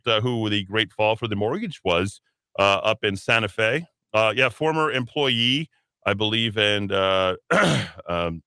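A man's voice: fairly low pitch, pushed and bright, clear, resonant tone, no echo. Rambling man hosting talk radio. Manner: rambling, sardonic, many fillers and asides. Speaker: radio talk show host. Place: radio studio.

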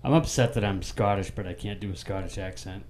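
A man's voice: low-pitched, fairly quick, a little mellow, slight background noise. A man co-hosting a podcast, asking hesitant questions and restarting his sentences. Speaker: podcast co-host. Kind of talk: casual chat.

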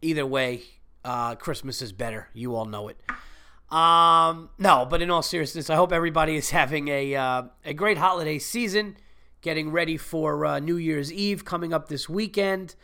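Guy with a cold rambling on his podcast, bright edgy voice, swears a lot. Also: on the high side, moderate pace, clear, resonant tone. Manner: profane, rambling, chatty. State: sick with a cold. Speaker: podcast host and comedian. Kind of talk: casual solo podcast monologue.

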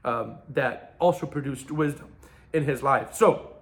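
A man preaching a sermon as pastor, swinging between loud emphatic bursts and quiet asides. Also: mid-range voice, unhurried, creaky.

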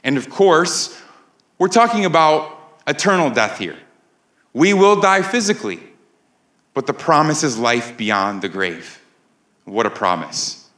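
A man's voice: fairly high pitch, sing-song, measured pace, pauses often, fairly bright tone, reverberant. A man preaching a sermon as pastor to a live congregation, in a conversational way and often asking the room "right?". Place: church sanctuary with a live congregation.

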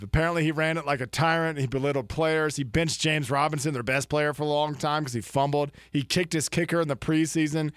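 A man chatting loosely about sports on a podcast, excitable and quick to joke. His voice sits a little high for a man. The sound is dry and close, with no room around it. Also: no echo. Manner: excitable, rambling, joking. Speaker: podcast co-host. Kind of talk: casual sports chat.

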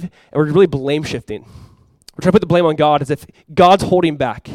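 A male pastor preaching a sermon in an animated way, acting out quoted voices and often repeating words as he goes. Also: fairly high pitch, normal speed, dry recording.

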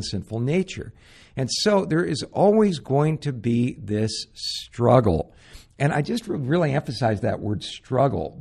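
A man's voice: mid-range voice, gravelly, darkish tone, slightly rough. An older man, a pastor and show host, teaching the Bible in an earnest, conversational way with stories and frequent fillers. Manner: earnest, anecdotal, frequent "uh" and "you know".

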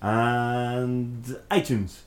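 A man's voice: mid-range voice, little pitch movement, drawn-out words. A man co-hosting a podcast in casual, sweary chat, laughing often. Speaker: podcast co-host. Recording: roomy echo.

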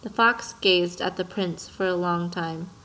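A woman reading a story aloud in a calm, even narrating voice. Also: fairly low pitch, measured pace, low-quality recording.

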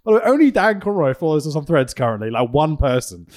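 A man's voice: on the high side, sing-song, quick pace, darkish tone. A man co-hosting a casual wrestling podcast, jokey and sweary, often laughing. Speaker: podcast co-host.

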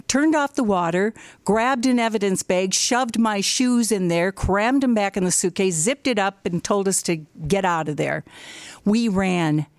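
Woman storyteller, animated delivery, sound effects, dry close sound. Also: medium pitch, no echo. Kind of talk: told personal story on stage.

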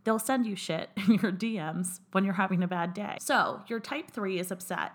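A woman's voice: mid-range voice, moderate pace, hardly any pauses. A young adult woman co-hosting a casual chat, talkative, swearing casually and laughing often. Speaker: podcast co-host.

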